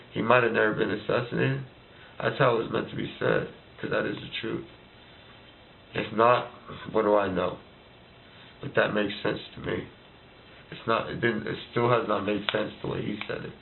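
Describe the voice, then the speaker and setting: A man's voice: mid-range voice, level tone, normal speed, gravelly, pauses often. A man delivering a heated political rant, firing off repeated rhetorical questions. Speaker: vlogger ranting to camera. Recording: tinny phone-like lo-fi recording.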